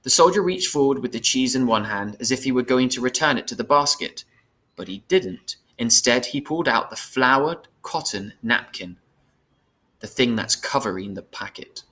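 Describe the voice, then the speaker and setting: A man reading a storybook chapter aloud in a steady, plain manner, sometimes correcting himself. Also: medium pitch, moderate pace. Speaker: reader.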